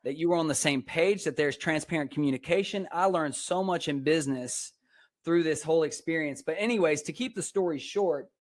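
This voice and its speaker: A young man with a Texan accent, a personal trainer and speaker talking in a casual podcast interview, energetic and preachy, laughing often. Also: on the high side, fairly quick. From Texas.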